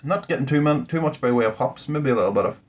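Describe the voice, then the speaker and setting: A man's voice: medium pitch, expressive, quick pace, highs cut off. A man, a home brewer, talking casually through a beer tasting in a rambling, thinking-aloud way, indoors at home. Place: indoors at home under a ring light.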